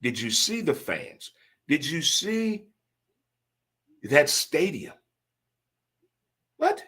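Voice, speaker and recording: A man's voice: fairly high pitch, sing-song, very slow, pushed and bright, breathy edge. A man hosting his own podcast, riffing in a folksy, catchphrase-heavy way and talking straight to his listeners. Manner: folksy, repeats catchphrases, addresses listeners directly. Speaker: podcast host. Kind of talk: casual talk show monologue.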